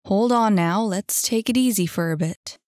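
A woman voicing a steady young man who calms the others down. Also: mid-range voice, moderate pace, no echo, studio quality, close to an everyday voice.

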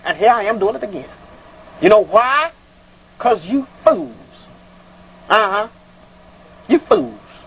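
High-voiced man hosting a call-in show. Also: very animated, slow, gravelly, pauses often, fairly bright tone, rough recording. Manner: preachy, rambling, hollering rants; crooning, flirty with callers. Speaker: call-in show host giving readings.

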